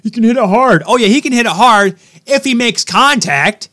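A young man co-hosting a casual sports podcast, loud and ranting as he argues and jokes with his friend. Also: extremely high pitch, expressive, normal speed. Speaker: podcast co-host.

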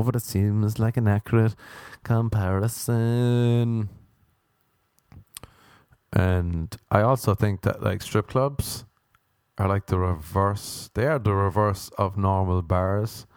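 A man doing rambling, jokey stand-up storytelling, sometimes jumping into high mock voices. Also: darkish tone, smooth, dry recording, clean studio sound. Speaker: stand-up comedian.

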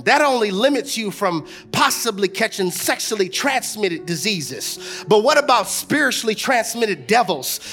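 A man preaching a sermon as pastor in a church before a live congregation, moving from soft storytelling into shouted, half-sung exhortation and leading call-and-response. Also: high voice.

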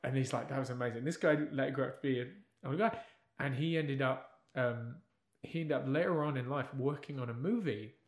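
A man telling a long anecdote in casual chat, acting out the people in it and dropping to a hush for the quiet parts. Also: mid-range voice, brisk. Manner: animated storyteller, drops to hushed tones for quotes. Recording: roomy echo.

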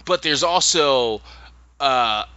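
A man's voice: mid-range voice, animated, slow, bright, forceful tone, no echo, lo-fi sound. A man co-hosting a podcast, recapping a story in a casual, rambling way with many restarts. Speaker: podcast co-host.

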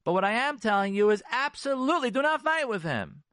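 A man's voice: extremely high pitch, very animated, fairly quick, fairly bright tone, smooth, no room sound, clean studio sound. A man, a rabbi, giving an emphatic radio talk on marriage. He repeats key phrases for force and drops Hebrew and Yiddish terms. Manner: emphatic and repetitive, preacherly.

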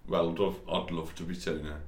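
A man's voice: deep voice, flat delivery, a little fast. A man co-hosting a casual podcast, joking around, swearing, and laughing a lot. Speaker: podcast co-host. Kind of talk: casual chat. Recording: echoey room, faint noise.

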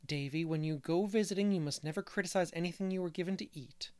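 A man voicing an earnest young woman who speaks gently and fairly, in a dry audiobook reading. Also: a little high, sing-song, normal speed, no room sound.

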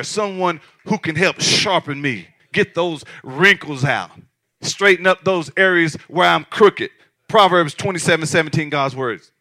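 A man's voice: on the high side, bright, forceful tone. A man preaching a sermon in church, talking conversationally and joking with the congregation. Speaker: pastor.

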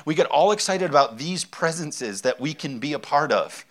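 A man's voice: fairly high pitch, fairly quick, few pauses, fairly bright tone. Conversational male pastor preaching. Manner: conversational, emphatic, repeats key phrases. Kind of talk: sermon.

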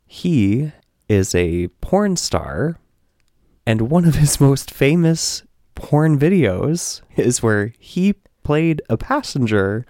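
A young man co-hosting a podcast, telling a story in a casual, animated way. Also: mid-range voice, takes it slowly, no echo. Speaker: podcast co-host.

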